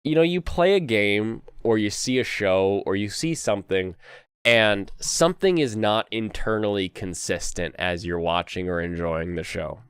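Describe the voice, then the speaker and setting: A man's voice: fairly low pitch, normal speed, smooth, no echo. A young man hosting a casual anime chat while sick, rambling with many fillers and frequent laughs. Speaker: host.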